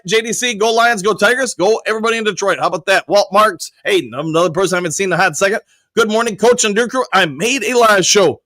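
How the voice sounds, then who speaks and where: A man's voice: sits high, sharp tone, dry recording. A man hosting a live sports podcast, talking casually and reading viewer comments aloud before answering them. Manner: loose and conversational, with frequent restarts and fillers. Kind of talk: live-stream sports chat.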